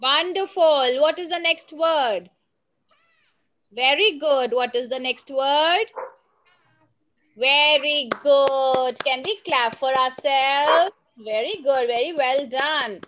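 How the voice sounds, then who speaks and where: A woman's voice: high voice, slow pace, a bit bright. A woman teaching young children phonics, sounding out words and telling a simple story in a patient, coaxing way. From India.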